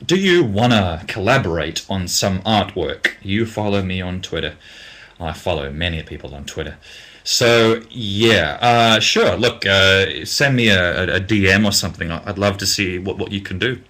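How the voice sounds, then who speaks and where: Deep-voiced Australian man, halting and blunt. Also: lively intonation, sharp tone. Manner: hesitant and halting, many ums and restarts, then blunt. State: getting tired. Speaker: music producer. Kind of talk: casual livestream Q&A, reading out viewer questions.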